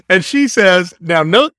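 A man's voice: medium pitch, fairly bright tone, dry recording, clean studio sound. A man co-hosting a podcast, casually recapping an episode scene by scene and laughing often as he goes. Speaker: podcast co-host.

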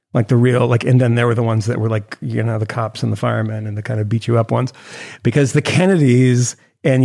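A man co-hosting a podcast, talking in a rambling, animated way full of restarts and fillers. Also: mid-range voice, gravelly. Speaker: podcast co-host. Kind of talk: casual chat.

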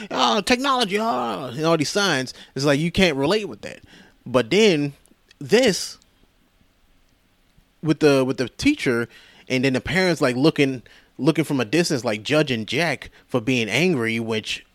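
A man rambles through a movie recap, swearing freely and slipping into quoted voices. His voice sits at a middle pitch. The sound is close and dry. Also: no room sound. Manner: profane, rambling, animated retelling with quoted voices. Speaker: podcast host.

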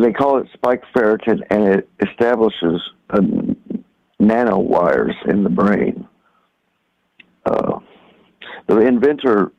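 Man, radio caller, halting conspiratorial rambler, muffled lo-fi line. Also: fairly low pitch, gravelly. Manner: halting, many restarts and fillers, conspiratorial. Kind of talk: rambling call-in talk. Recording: dull lo-fi phone-in line.

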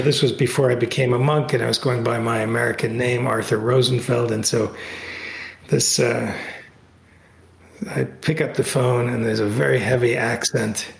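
Over a video call, a middle-aged guest who writes books and teaches Tai Chi tells a story in a casual interview, animated and full of restarts. His voice is creaky and reverberant, leaping high whenever excitement takes hold.

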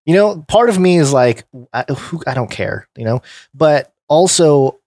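A man's voice: on the high side, expressive, unhurried, a little mellow, no echo. Laid-back joking man, dry close sound. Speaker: podcast co-host. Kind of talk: casual podcast banter.

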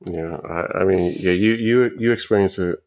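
A young man co-hosting a podcast, talking casually in a halting, stop-start way full of fillers and repeated words, high on weed. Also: a little mellow. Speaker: podcast co-host. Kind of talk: casual chat.

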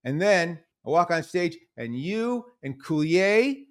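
Animated man telling stories, higher voice. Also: slow pace. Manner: animated storyteller, acts out quotes in other voices. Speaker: podcast host. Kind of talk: casual conversation.

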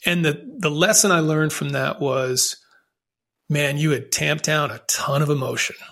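A man's voice: fairly high pitch, unhurried, creaky, a bit bright. A man telling his own story as a podcast guest, in an earnest, reflective way with frequent restarts. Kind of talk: candid conversational storytelling.

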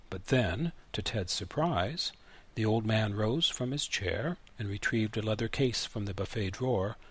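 A man narrating a literary short story in a measured, even way. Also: fairly low pitch, husky. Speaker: story reader.

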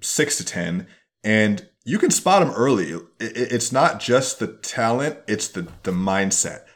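A young adult man hosting a podcast. He muses reflectively and rambles with restarts, and he drops into quick put-on voices. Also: fairly low pitch, big pitch swings. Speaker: podcast host. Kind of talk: casual chat.

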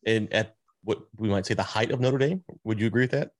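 Man interviewer, low voice, brief prompting questions. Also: brisk.

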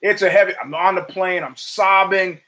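An older man hosting his own show, talking in a rambling, profane, animated monologue full of stories. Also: high voice, normal speed. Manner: profane, rambling, animated storytelling with acted quotes. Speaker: podcast host. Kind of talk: casual monologue.

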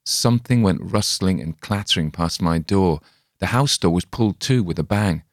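A man narrating a gothic story in a measured, dramatic reading. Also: deep voice, no room sound, clean studio sound. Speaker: audiobook narrator. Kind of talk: scripted narration.

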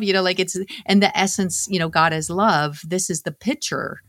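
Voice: mid-range voice, steady tone, moderate pace, few pauses, a bit bright, no echo, clean studio sound. A co-host in a casual faith discussion, talking earnestly and with passion, repeating phrases in building runs.

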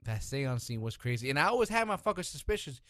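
A man talking casually with a co-host, animated and profane, often cutting in. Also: medium pitch, no echo, studio quality. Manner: animated, profane, restless, quick to interrupt. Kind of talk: casual chat.

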